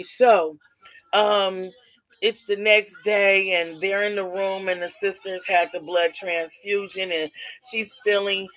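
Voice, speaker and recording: A woman's voice: mid-range voice, poor audio. A woman telling a rambling family drama story in a casual spoken way, often restarting and correcting herself. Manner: rambling, repeats and self-corrects.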